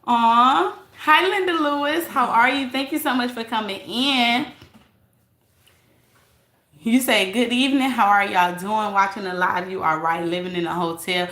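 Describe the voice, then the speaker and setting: A woman chats bluntly with her live-stream viewers in a bright, forceful voice pitched a little high. She talks straight to the audience in an easy, casual flow. The sound carries a noticeable room echo. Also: unhurried. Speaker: livestream host reading chat. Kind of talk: casual live-stream chat and gossip commentary.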